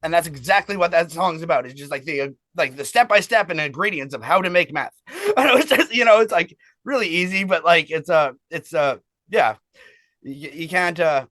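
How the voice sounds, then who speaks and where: A man's voice: on the high side, expressive, normal speed, sharp tone, no room sound. Rambling, foul-mouthed band frontman, dry sound. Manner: rambling, profane, heavy on fillers. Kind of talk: casual storytelling interview.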